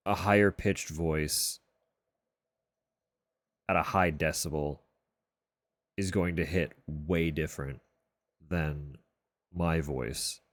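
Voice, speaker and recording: A man streamer chatting casually from a room at home, keeping his voice level and low and swearing offhandedly. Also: no echo. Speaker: livestreamer. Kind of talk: casual chat on a live stream. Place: room at home sharing a wall with a neighbor's bedroom.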